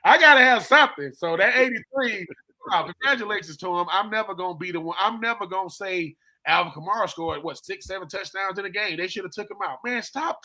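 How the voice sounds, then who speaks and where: A man, a former player, telling stories with animated emphasis on a live-streamed sports talk show. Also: sits high, fast, few pauses. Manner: animated storytelling, emphatic repetition. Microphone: live stream call.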